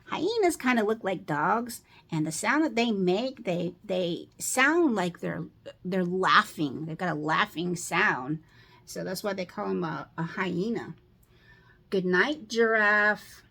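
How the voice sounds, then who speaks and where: A middle-aged woman reading a picture book aloud to children, pausing to ask them questions about the pictures. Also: lowish voice, expressive, gravelly, a bit bright, breathy edge. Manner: slow, asks children questions.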